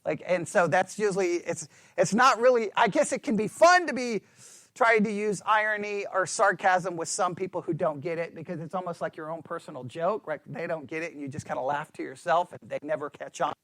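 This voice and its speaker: A man's voice: high voice, brisk, no echo. A man teaching a Bible study class in a casual, conversational way, often checking in with his listeners and joking with dry self-mocking sarcasm. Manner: animated, checks in constantly with "right?".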